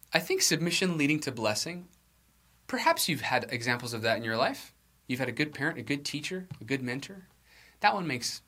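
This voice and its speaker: Lively, bright-voiced male pastor preaching. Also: medium pitch. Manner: conversational, self-deprecating, frequent restarts and light laughs. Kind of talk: sermon.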